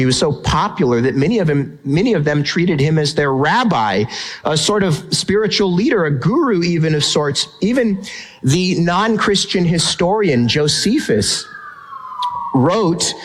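A middle-aged male pastor preaching a sermon, emphatic and animated, asking the congregation rhetorical questions. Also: a little high, normal speed, poor audio.

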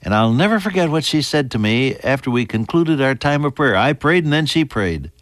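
A man preaching a sermon, earnest, building to emphatic high points and then falling soft and hushed. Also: expressive, brisk, dry recording.

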